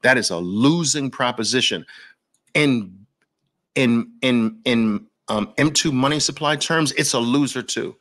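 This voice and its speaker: A man's voice: mid-range voice, a little slow, a bit bright. A man giving a persuasive masterclass talk as a trading educator, emphatic, with repeated punchy lines and rhetorical questions. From Brooklyn, New York.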